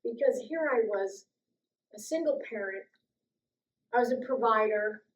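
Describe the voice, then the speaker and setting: An older woman from the US East Coast telling personal stories to an audience, lively and quick to act out other voices. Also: on the high side, rough recording. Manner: lively, acts out quoted voices, laughs often. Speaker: guest speaker sharing life stories. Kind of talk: personal storytelling talk.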